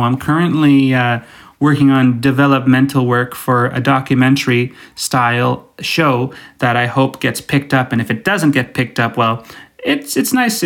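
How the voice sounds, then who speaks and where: A man's voice: medium pitch, fairly bright tone. A man hosting his own podcast alone, talking casually in a rambling, self-deprecating way, with many fillers and restarts. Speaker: podcast host. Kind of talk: casual solo podcast monologue.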